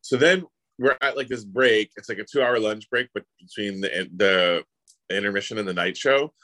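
This man, an actor appearing as a guest, shares stories in a relaxed conversation and acts out whoever he's quoting with lively energy. His voice is lowish and his pace moderate, though the recording is rough.

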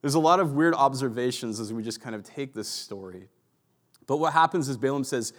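A male pastor gives a sermon in an easygoing, conversational voice. He sprinkles his telling with asides and casual fillers, and his pitch sits at an ordinary middle for a man. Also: expressive, brisk. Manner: conversational storytelling with many likes and asides.

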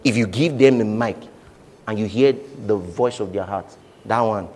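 A man preaching a sermon with animated delivery, acting out voices and laughing often. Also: fairly low pitch, moderate pace, big-room sound, a little hiss or hum. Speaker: pastor.

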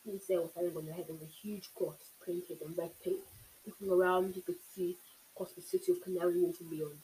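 A host reading a novel aloud in steady narration, with small slips now and then. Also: mid-range voice, quick pace, a little hiss or hum, poor audio. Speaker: audiobook reader, channel host.

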